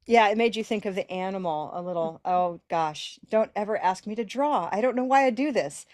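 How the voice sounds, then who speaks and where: A woman teaching pronunciation in a live online class, encouraging her students and stretching words out slowly to demonstrate the sounds. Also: mid-range voice, darkish tone, no echo, clean studio sound. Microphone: video call.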